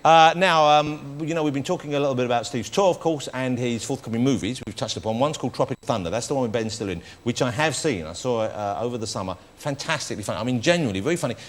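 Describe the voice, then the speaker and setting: A man's voice: medium pitch, fast talker, few pauses. A British man hosting a chat show, teasing his guest with jokey banter in front of a studio audience. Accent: British English. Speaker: talk show host. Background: live studio audience laughter.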